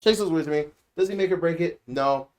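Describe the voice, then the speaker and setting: A man's voice: fairly high pitch, quick pace. A man hosting a casual spoken anime review, rambling and repeating himself for emphasis. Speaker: anime reviewer and channel host.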